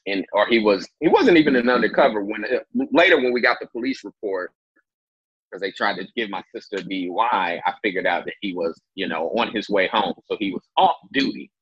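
A man telling a long story in a casual interview, animated and swearing freely as he acts out what people said. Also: fairly low pitch, a little fast, breathy edge, no room sound. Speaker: interview guest. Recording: dull lo-fi sound.

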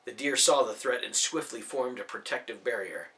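A man reading a fantasy story aloud as scripted narration, with expressive storytelling. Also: mid-range voice, normal speed. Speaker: audiobook narrator.

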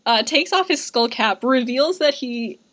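Chatty young woman, fairly high voice. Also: lively intonation, a little slow, a bit bright. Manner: chatty, sarcastic, frequent "like" fillers. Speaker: podcast co-host. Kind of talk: casual film recap chat.

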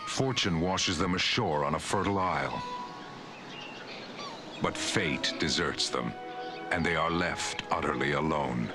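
A man narrating an old movie trailer in a deep, booming voice-over. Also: a little slow, pauses often. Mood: grave. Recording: old film trailer with music.

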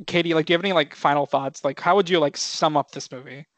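A man's voice: a little high, fairly even intonation, quick pace, fairly bright tone, no room sound. A young man co-hosting a podcast, laid-back and filler-heavy, steering the talk with questions to his guests. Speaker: podcast co-host. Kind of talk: casual chat.

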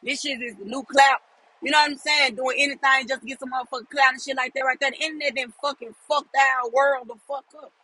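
High, bright-voiced man ranting profanely. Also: fast, breathy edge, poor audio. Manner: profane and emphatic, keeps asking "you know what I'm saying"; animated, often shouting for emphasis. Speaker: commentator. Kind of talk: casual opinion rant.

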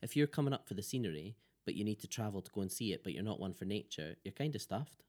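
A man with a Scottish accent, a podcast guest chatting casually, animated and laughing often. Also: on the low side, fast. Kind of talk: casual chat.

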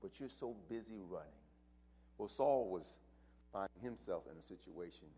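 A male preacher delivering a sermon and addressing his congregation directly, swinging dramatically between loud cries and near-whispers. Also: low-pitched, lively intonation, normal speed, breathy edge.

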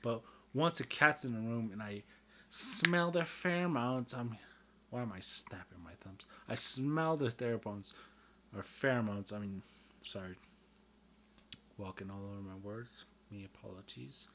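A man's voice: medium pitch, measured pace, sharp tone, slight background noise. A man in a casual, rambling monologue, swearing freely and losing his train of thought.

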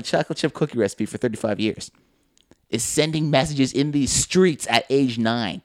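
A young man co-hosting a casual podcast, telling an animated story and swearing freely. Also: mid-range voice, moderate pace, dry recording, clean studio sound. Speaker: podcast co-host.

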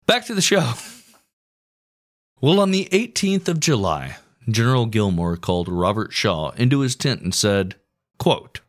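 A man's voice: on the low side, sing-song, a little slow, long pauses. A man hosting a casual history podcast, telling the story with crude, profane jokes.

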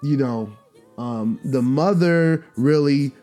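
A man in his thirties, hosting his own podcast and talking in a loose, rambling way full of fillers and restarts. He swears casually and laughs at his own stories. Soft music plays faintly behind his voice. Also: mid-range voice, slow pace. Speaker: podcast host. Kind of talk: casual solo podcast monologue.

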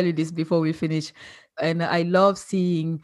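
A woman's voice: deep voice, level tone, measured pace, darkish tone. A woman hosting a podcast interview, effusive and encouraging, full of praise for her guest. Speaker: podcast host.

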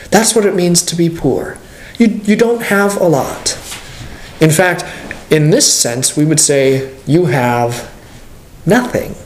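A man, a pastor, teaching a class in an animated way and asking the class questions. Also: on the high side, roomy sound, slight background noise. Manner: animated, plays out dialogues, asks the class questions.

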